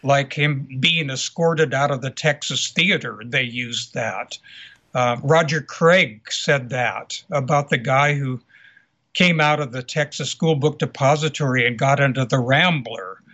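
A man being interviewed as a researcher and author, explaining his findings in a measured, deliberate way. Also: mid-range voice, sharp tone. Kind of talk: interview answers. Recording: muffled lo-fi audio.

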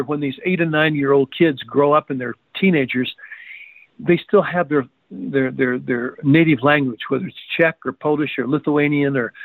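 Male guest, slightly high, emphatic, stumbling restarts, tinny dry phone audio. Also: dry recording. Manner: emphatic, repeats words in quick restarts. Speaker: guest researcher. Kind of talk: interview storytelling.

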